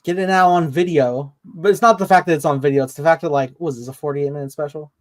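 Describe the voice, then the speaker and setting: A man's voice: on the high side, racing. A man co-hosting a casual fan podcast, tossing in joking, dry asides and casual swearing. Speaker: podcast co-host.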